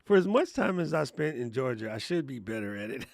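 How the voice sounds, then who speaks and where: A man hosting a casual livestream class on thumbnails, telling stories in slangy, animated talk and laughing often. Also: mid-range voice, a little fast, creaky, no room sound. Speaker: host and content coach. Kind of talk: casual livestream teaching chat.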